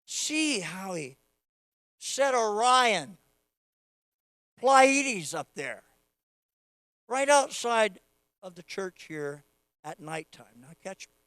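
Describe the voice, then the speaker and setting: A man preaching a sermon, moving from casual teaching to loud, fervent prayer. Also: high-pitched, no echo. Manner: acts out quoted voices of God playfully. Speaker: pastor.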